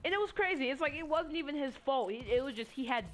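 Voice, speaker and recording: A woman's voice: sits high, expressive, quick pace, a bit bright, slight background noise. A teenage girl telling a rambling, stammering story full of profanity, casually, while playing a game. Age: teens. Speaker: student vlogger.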